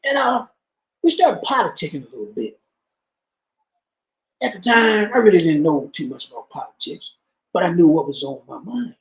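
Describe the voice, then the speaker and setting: A man with a fairly high voice tells a story in an interview. He talks in street slang and repeats himself. He drops to a low, quiet voice when he quotes someone. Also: big pitch swings, moderate pace, long pauses, lo-fi sound. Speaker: interview guest.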